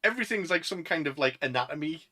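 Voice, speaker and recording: A man's voice: fairly high pitch, a little slow, pushed and bright, low-quality recording. A young man with a Northern English accent, co-hosting a casual podcast chat and rambling with lots of fillers. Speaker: podcast co-host.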